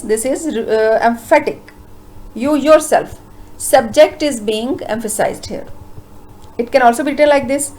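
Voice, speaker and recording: Woman teacher, slightly high voice, patient grammar explainer with lots of "uh"s. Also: darkish tone, rough recording. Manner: explains slowly with frequent uh fillers, asks rhetorical questions. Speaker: English teacher. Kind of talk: grammar lesson lecture.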